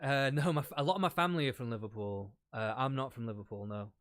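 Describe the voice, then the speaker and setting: A man's voice: medium pitch, fast talker, no room sound. English guy just chatting, laid back, swears a bit, dry close mic. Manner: relaxed, swears casually, laughs often. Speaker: debate guest. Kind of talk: casual chat.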